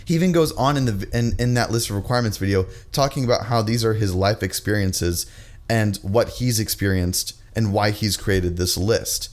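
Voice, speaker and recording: A man giving reaction commentary in a dry, sarcastic, measured way. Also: fairly low pitch. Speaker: commentary YouTuber.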